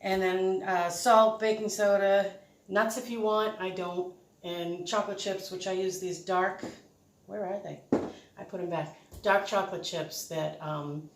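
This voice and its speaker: A woman's voice: mid-range voice, fairly even intonation, measured pace. A woman hosting a casual home cooking demonstration, chatty and rambling, often correcting herself as she works. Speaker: home cook host. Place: home kitchen. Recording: echoey kitchen, faint noise.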